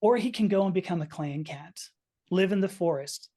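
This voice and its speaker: A woman in her fifties with a somewhat low voice tells a personal story as a podcast guest. She talks earnestly and openly, often stumbling and restarting mid-sentence. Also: moderate pace, dark tone. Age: 50s. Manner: earnest, emotional, frequent restarts.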